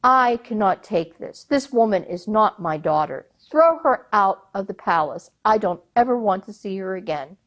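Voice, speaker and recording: A woman telling a folk tale and voicing a proud, quick-tempered emir who demands his daughters' love. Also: a little high, big pitch swings, exaggerated voice. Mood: angry. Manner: demanding, then angry and commanding. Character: proud, touchy male emir, a king and father. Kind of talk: oral storytelling.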